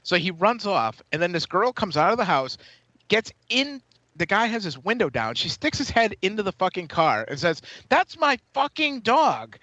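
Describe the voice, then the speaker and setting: A tipsy man rants through a profane story on a podcast, his high voice swinging all over the place. His tone is bright and sharp. The sound is dry and a little dull, like a lo-fi home recording. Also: sing-song, normal speed, dry recording. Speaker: podcast co-host. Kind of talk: casual chat.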